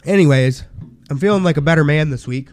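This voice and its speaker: A man's voice: on the high side, fast talker, a little mellow, no echo, clean studio sound, faint music behind. A man co-hosting a podcast, talking in a crude, profane, boisterous casual way. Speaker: podcast co-host. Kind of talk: casual chat.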